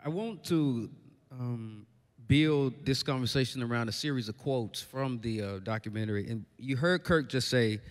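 A man moderating a church panel discussion. He introduces guests energetically and poses questions with a relaxed, halting delivery. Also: medium pitch. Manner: energetic introductions, then relaxed and hesitant with fillers. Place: church sanctuary with an audience. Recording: long hall reverb with a faint audience.

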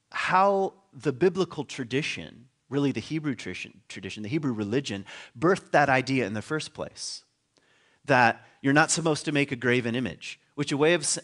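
A man's voice: mid-range voice, a bit bright. A man teaching at a spiritual community, giving a conversational sermon, chuckling and thinking aloud with frequent restarts.

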